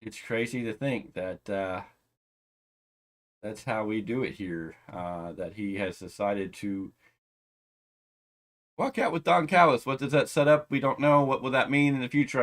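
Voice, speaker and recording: Speaking on the low side, a man gives a casual review of a wrestling show. He sounds fed up, slips in sarcastic remarks, and alternates between raising his voice and muttering.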